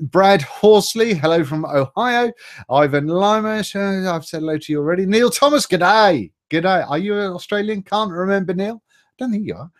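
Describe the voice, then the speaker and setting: A middle-aged man runs a casual live stream, reading out viewers' names and greetings. He is chatty and jokey, trips over tricky names, and his voice sits a little high for a man.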